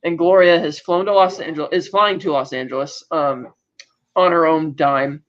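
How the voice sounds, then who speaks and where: A man's voice: fairly high pitch, fairly even intonation, moderate pace, fairly bright tone. A man co-hosting a podcast, recapping an episode in casual chat, rambling with lots of "like" and restarts. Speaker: podcast co-host. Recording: dull lo-fi recording.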